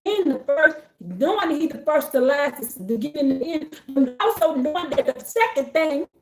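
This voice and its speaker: High-voiced woman giving a fired-up faith talk. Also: moderate pace, echoey room. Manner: animated, repetitive, preachy, slangy. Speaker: faith community speaker. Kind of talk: casual religious pep talk to a group.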